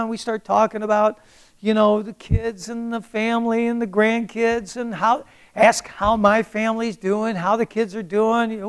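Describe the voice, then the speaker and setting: An older man preaching a sermon, reading scripture with booming emphasis and then telling a personal story in a plain, conversational way. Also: fairly even intonation, moderate pace, smooth.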